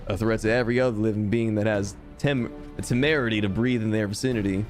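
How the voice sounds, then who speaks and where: A streamer voicing a gruff middle-aged frontier monster-hunter man in a slow, lowered, put-on American Western drawl, over faint game music. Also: fairly even intonation, lightly acted. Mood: sly.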